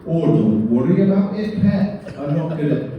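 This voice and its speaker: A man's voice: a little high, very animated, normal speed, muffled recording. A man putting on a general Northern English accent to voice a kindly, reassuring middle-aged man. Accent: general Northern English, put on. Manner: reassuring, homely. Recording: echoey hall, distant mic, background noise.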